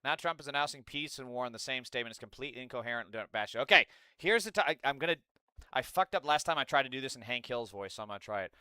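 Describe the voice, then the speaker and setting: A man's voice: medium pitch, lively intonation, rapid-fire, pushed and bright, smooth, no room sound, clean studio sound. A man hosting a political commentary livestream, talking in a profane, sarcastic and rambling way. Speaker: livestream host.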